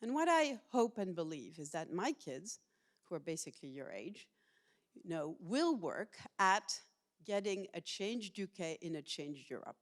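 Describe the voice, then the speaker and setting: A middle-aged woman professor gives a public university lecture to students in a hall. She talks in a lively, personal way and asks the audience questions, her voice lowish and her pace measured.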